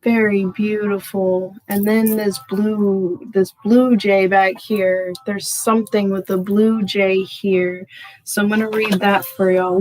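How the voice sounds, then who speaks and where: Speaking slowly in a mid-range voice over a low-quality recording, a woman delivers a channeled tarot reading to her viewers. She's effusive and emphatic, calls everyone "y'all," says "freaking" a lot, and gets especially excited as she reveals cards.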